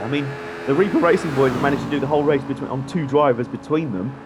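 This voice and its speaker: Man, live race commentary, chatty and rambling, mid-pitched, steady background hiss. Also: fast, hardly any pauses. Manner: chatty, rambling, laughs often. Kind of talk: live sim-racing commentary.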